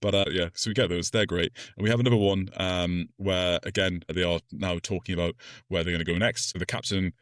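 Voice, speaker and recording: Lower-voiced man chatting about a film. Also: steady tone, brisk, a bit bright, dry recording, studio quality. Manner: enthusiastic, explanatory, laughs often. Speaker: podcast co-host. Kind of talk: casual film review chat.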